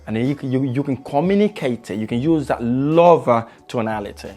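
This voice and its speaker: A man coaching on sales, speeding up and slowing right down as he demonstrates his tone. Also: mid-range voice, darkish tone, soft background music. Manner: varies pace and tone widely to demonstrate. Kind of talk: motivational teaching video.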